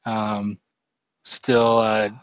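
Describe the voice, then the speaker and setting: Podcast co-host guy, a bit hoarse, self-deprecating jokes, dry close recording. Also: fairly low pitch, monotone, very slow, no room sound. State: slightly hoarse from recent illness. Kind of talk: casual podcast chat.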